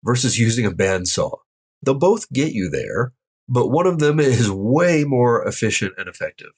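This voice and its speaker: Husky-voiced man teaching with lively pitch. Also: normal speed. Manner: explains step by step and demonstrates each tone aloud; upbeat, addresses viewers directly. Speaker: Mandarin tone teacher. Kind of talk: online language lesson.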